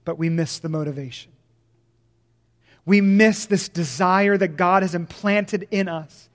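High-voiced preacher in a reverberant hall. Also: male voice. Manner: dramatic swings between loud emphasis and hushed, slow lines. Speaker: pastor. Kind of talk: sermon.

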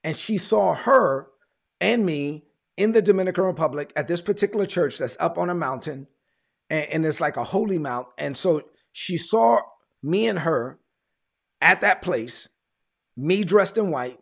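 A man's voice: on the high side, expressive, unhurried, gravelly. A man, a pastor telling his testimony in a sermon, repeating words as he tells the story. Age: 40s.

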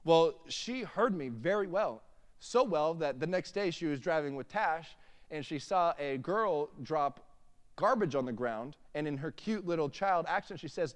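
Smooth-voiced preacher man with hall reverb. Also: a little high, expressive, a little slow. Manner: humorous storytelling building to emphatic preaching. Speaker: pastor. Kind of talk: sermon.

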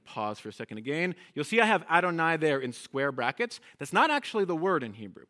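A man's voice: a little high, sing-song, quick pace, pushed and bright. A man, a guest Hebrew teacher, leading a congregation through a lesson with call and response and checking in often with "okay?" and "right?".

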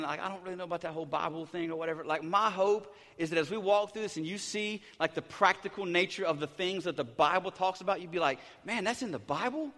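A middle-aged pastor preaching a sermon, hyper and excited, tumbling through restarts and repeated words. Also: male voice, high voice. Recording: big hall reverb.

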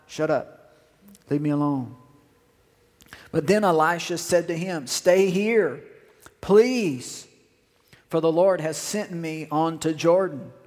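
A male pastor preaching a sermon, repeating phrases and asking the congregation questions. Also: a little high. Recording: long hall reverb.

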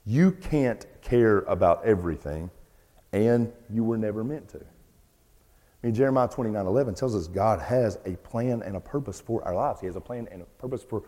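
A man's voice: lowish voice, expressive, normal speed, warm tone, in a large hall. A man preaching a sermon as the pastor, in a conversational, emphatic style, repeating key phrases for weight. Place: church sanctuary.

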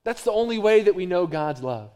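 A middle-aged male pastor preaching a sermon, swinging from hushed, low phrases to loud, emphatic repeated lines. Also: sing-song, a little fast.

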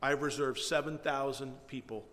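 Man playing a firm, direct divine voice, lower than his usual; echoing hall. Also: fairly even intonation, moderate pace, fairly bright tone, lightly acted. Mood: commanding.

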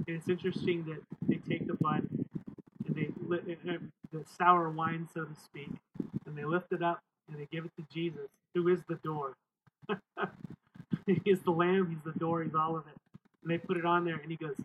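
A man's voice: sits high, moderate pace. A middle-aged male pastor preaching emphatically outdoors, repeating phrases and calling on the church for amens. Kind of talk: outdoor sermon. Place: outdoors, windy. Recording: tinny phone-like sound with wind noise.

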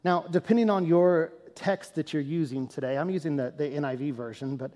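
A man with a notably high-pitched voice preaches a storytelling sermon, chatty and animated at times and earnest at others. His voice rings out with a long reverb, as if filling a large church hall. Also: brisk. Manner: conversational, animated storytelling that turns to earnest, quieter teaching. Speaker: pastor.

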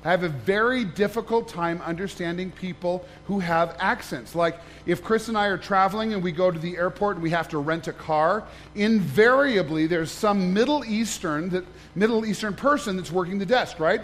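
A man's voice: sits high, normal speed, hardly any pauses, slight background noise. A man, a pastor, giving a conversational sermon, joking and asking the congregation questions.

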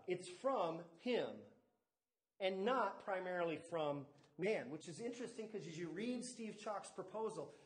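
Male pastor, high voice, sermon in an echoey church hall, stresses key words. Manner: teaching with stress on key words and asides to the congregation. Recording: echoey room.

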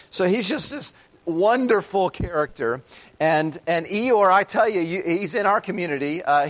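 A male pastor with a high voice delivers an earnest sermon. He speaks slowly and deliberately, dropping to a hush and then building to emphatic points. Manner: earnest preaching, swings from hushed to emphatic.

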